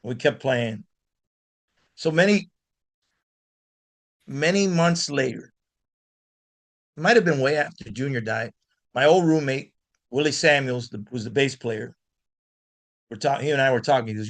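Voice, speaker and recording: A man from Miami, a guest blues guitarist, telling animated stories in an interview with frequent restarts. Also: mid-range voice, normal speed, pauses often. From Miami, United States. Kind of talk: storytelling in an interview.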